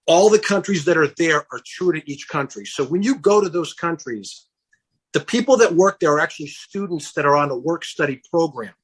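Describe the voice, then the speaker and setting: A middle-aged man being interviewed on a casual podcast, telling his story in an animated way and acting out the dialogue he quotes. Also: fairly high pitch, brisk, slightly rough. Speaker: guest, campaign founder.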